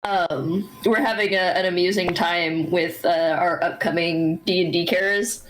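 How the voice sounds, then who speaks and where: A woman's voice: fairly low pitch, steady tone, measured pace, a little hiss or hum, poor audio. A woman in casual chat, talking animatedly about accents.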